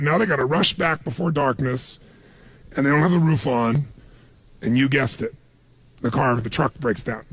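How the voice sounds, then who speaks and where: A man giving a motivational seminar talk, telling stories in an animated way and acting out other people's lines. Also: a little high, no room sound. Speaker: motivational speaker.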